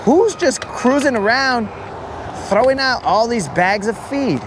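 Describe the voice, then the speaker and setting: A man's voice: very high-pitched, lively intonation, measured pace, noisy background. A man chatting casually on a live fishing stream, rambling and joking as he acts out imagined callers. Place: outdoors on a lake.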